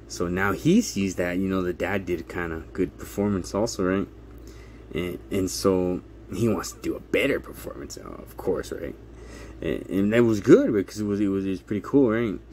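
A man with a somewhat low voice tells a story to his viewers, casual and animated. He acts out the people in the story and laughs as he goes, checking in with "right?" every few lines. A faint hum of ambience sits behind him. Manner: animated retelling, acts out quotes, laughs often, keeps asking "right?". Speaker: channel host telling a court story.

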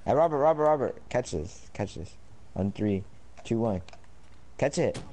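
A man bantering with friends over an online game, swinging his voice up and down as he gripes and curses. His tone is dark and mellow. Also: medium pitch, expressive, moderate pace. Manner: profane, loud complaining. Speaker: gamer chatting with friends. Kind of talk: casual gaming banter.

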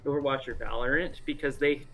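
A young man chatting casually about game predictions, excitable and rambling. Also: medium pitch, fairly quick. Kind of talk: casual gaming chat.

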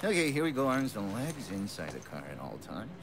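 A man's voice: lowish voice, huge pitch swings, a little fast, noisy background. An actor playing a jovial, menacing male captor in a game, taunting and sarcastic in a chummy way. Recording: game audio under music.

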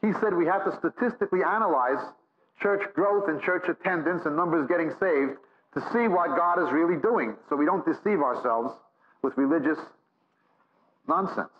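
Emphatic preacher with a dull, lo-fi sound. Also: male voice, a little high, normal speed. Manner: emphatic, repetitive preaching with rhetorical lists. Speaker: Bible teacher. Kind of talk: sermon. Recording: dull lo-fi recording.

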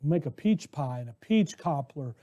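A preacher playing breezy, easygoing Adam. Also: male voice, fairly high pitch, expressive, moderate pace, dark tone, muffled recording, pitched below the performer's own voice. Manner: breezy, offhand, joking. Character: easygoing young husband, cheerful and casual.

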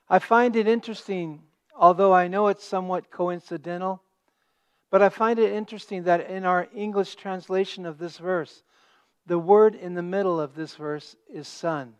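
A man preaching a sermon as pastor, stressing key words and dropping to a hush at the ends of phrases. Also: sits high, steady tone, moderate pace, clear, resonant tone, dull audio. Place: church sanctuary.

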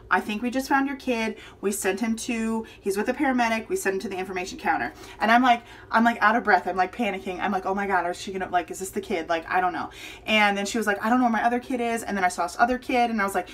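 A woman's voice: medium pitch, fairly bright tone. Young adult woman, vlogger; loose, rambling chat full of ums and restarts. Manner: rambling, full of fillers and self-corrections. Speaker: planner vlogger. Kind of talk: casual chat during a planner flip-through.

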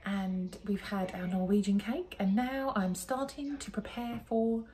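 Slow, soft-spoken woman vlogging. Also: mid-range voice, fairly even intonation, very noisy. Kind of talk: casual vlog narration.

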